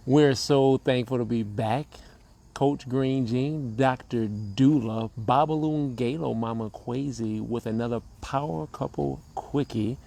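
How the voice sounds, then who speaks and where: A man co-hosting a relationship talk show, speaking in a measured, preacher-like cadence with long pauses. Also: mid-range voice, vocal fry, dark tone. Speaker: co-host, relationship coach. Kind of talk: slow motivational talk.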